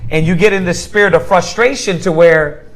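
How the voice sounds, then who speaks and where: A man's voice: high voice, fairly quick, fairly bright tone, rough recording. A man leading a casual Bible class, talking informally and often asking the group "right?". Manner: conversational, asks the group rhetorical questions; informal slang, repeats words as he restarts.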